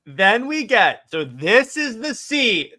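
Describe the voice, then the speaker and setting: A man co-hosting a casual movie discussion, excitedly retelling scenes with lots of stumbling restarts. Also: sits high, slow pace. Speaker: podcast co-host.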